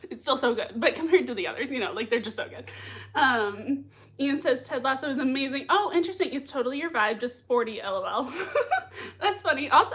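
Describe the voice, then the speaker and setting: A woman hosting a casual livestream, chatting excitedly and giggling while reading viewer comments. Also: high-pitched. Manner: excitable, giggly, many fillers. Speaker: livestream host reacting to a TV show.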